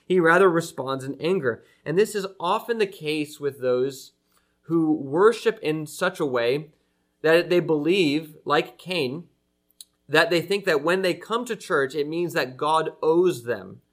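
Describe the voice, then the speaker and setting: A pastor preaching an earnest, emphatic sermon to his church, slowing down to stress key phrases. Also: a little high, lively intonation. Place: church with an online audience.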